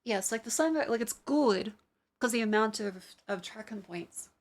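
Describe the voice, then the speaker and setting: A woman's voice: fairly high pitch, expressive, normal speed. A young adult woman streamer chatting casually and rambling, with many fillers and some swearing, while testing tracking gear. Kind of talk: casual live-stream chat.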